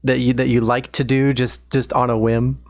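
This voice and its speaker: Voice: medium pitch, level tone, moderate pace. A podcast host in easygoing conversation, restarting questions with repeated words before finishing them. The sound is dry and close, with no room echo. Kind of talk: casual chat.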